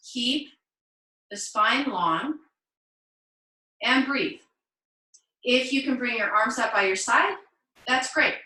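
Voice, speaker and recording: A woman teaching a live online yoga class, cueing poses gently and encouragingly with playful asides. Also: on the high side, roomy sound, distant mic, low-quality recording. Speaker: yoga instructor. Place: home room, on a video call.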